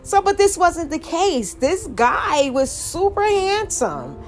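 A woman's voice: very high voice, very animated, slow pace, soft background music. A middle-aged woman vlogging, telling a story in a rambling, emphatic way, full of asides and restarts. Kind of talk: casual storytelling monologue.

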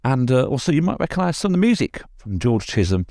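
A man hosting a podcast, chatty and relaxed in presenting archive clips. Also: mid-range voice, fast, no room sound, studio quality. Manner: chatty, with many uhs. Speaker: podcast host.

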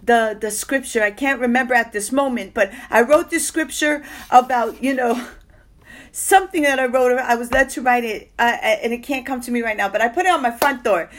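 A woman with a fairly high voice shares a personal faith testimony. She tells it expressively and slips into acted-out quotes, and her emotion comes through as she speaks. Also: moderate pace.

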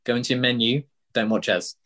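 A British man co-hosts a laid-back gaming podcast with a middle-pitched voice. He chats and teases his co-hosts and turns to listeners with requests. His delivery is informal and easygoing. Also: fairly quick, a bit bright. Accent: British English. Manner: chatty, teasing, asks listeners directly. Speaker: podcast co-host. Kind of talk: casual chat.

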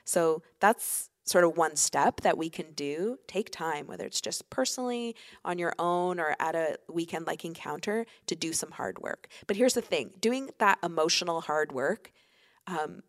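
A woman's voice: fairly low pitch, lively intonation, normal speed. A woman pastor, a guest on a faith podcast, talking earnestly and reflectively with frequent fillers.

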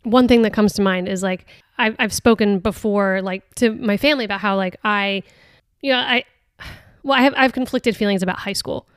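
In a clean, dry studio recording, a woman of medium pitch with a clear, resonant tone reflects on a book for her podcast. She's earnest and chatty in a casual way, yet hesitant, often restarting and using fillers.

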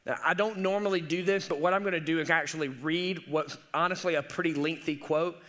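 A man's voice: a little high, fairly even intonation, fairly quick, fairly bright tone. A young man preaching a sermon as a teaching pastor, earnest and conversational with casual asides.

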